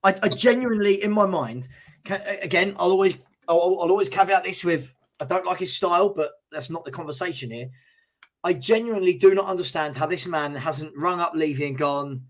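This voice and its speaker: Man, slightly high voice, animated, questioning, live fan stream. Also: fairly quick. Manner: animated, asks the chat questions, stammering restarts. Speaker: co-host of a live football fan show.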